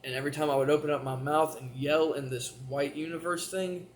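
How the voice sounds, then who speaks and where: A man's voice: on the high side, fairly even intonation, brisk, slight background noise. A man telling a personal story straight to camera in a rambling, profane way, full of restarts. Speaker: vlogger.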